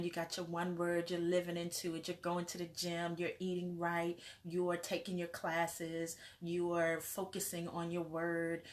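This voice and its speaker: Woman, life coach, motivational vlog, earnest, faith-filled, repetitive lists, slightly low pitch.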